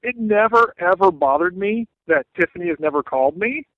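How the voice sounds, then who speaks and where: A man's voice: high voice, lively intonation, brisk, no room sound, narrow, tinny audio. A man from Texas calling in by phone from outside his home as a comedy correspondent, rambling and joking in a mock-aggrieved way. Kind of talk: casual phone chat. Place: outdoors at home. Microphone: phone call.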